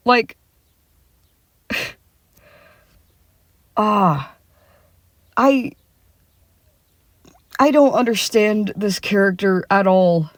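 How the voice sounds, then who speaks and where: A woman's voice: medium pitch, lively intonation, extremely slow, pauses often, dry recording, studio quality. A young woman ranting about a cartoon character from her car, heated and swearing, with many fillers and restarts. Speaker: vlogger. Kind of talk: casual opinion rant. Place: sitting in a car.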